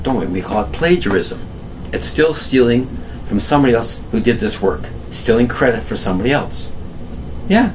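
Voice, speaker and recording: A man giving a vocabulary lesson, explaining a word slowly, spelling it out and asking rhetorical questions. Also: mid-range voice, noisy background. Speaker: English teacher.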